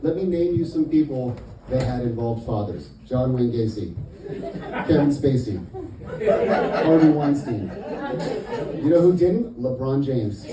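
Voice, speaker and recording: A young man from Indiana doing a stand-up comedy set in a comedy club. He is punchy and exasperated, swinging between mutters and loud bursts. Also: medium pitch, expressive, a little slow, pauses often, over a noisy crowd. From Indiana, USA. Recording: roomy club, mic at a distance, audible noise.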